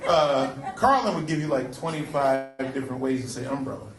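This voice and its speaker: A man doing a stand-up routine, telling animated stories and slipping into celebrity voices. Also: medium pitch, a little fast. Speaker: stand-up comedian. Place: comedy club stage. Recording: roomy club sound from a distant mic, crowd laughter and noise.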